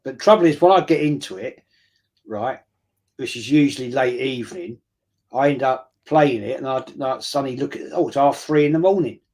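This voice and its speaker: A man at a middle pitch chats casually on a football livestream. He wanders into long anecdotes, stumbling over restarts and dropping "mate" along the way. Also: fairly quick, darkish tone. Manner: rambling storyteller, says mate, restarts. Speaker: livestream co-host.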